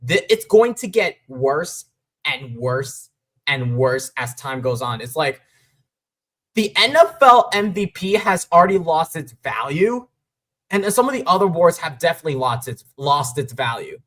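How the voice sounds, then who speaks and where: A man hosting a casual sports talk stream with a fairly high voice. He rants in an exasperated way and throws in the odd curse. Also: very animated, normal speed, fairly bright tone. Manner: ranting, frustrated, swears. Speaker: podcast host.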